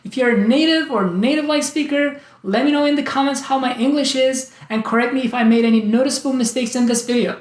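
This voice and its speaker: A man hosting a language tutorial, speaking in a clear, deliberate way and acting out examples of word stress. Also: very high voice. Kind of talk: scripted tutorial narration. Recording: roomy echo.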